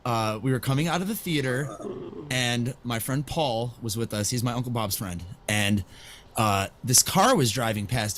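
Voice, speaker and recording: A man in a casual podcast chat, telling a wild story in an animated, profane way. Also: medium pitch, slight background noise. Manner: animated, profane storyteller who acts out other people's shouts.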